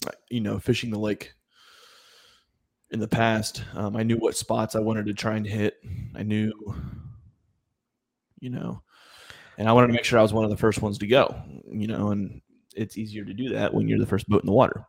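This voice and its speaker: A man's voice: lowish voice, level tone, moderate pace, creaky, pauses often. A man co-hosting a casual podcast, talking in a loose, rambling way with many fillers. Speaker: podcast co-host. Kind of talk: casual chat.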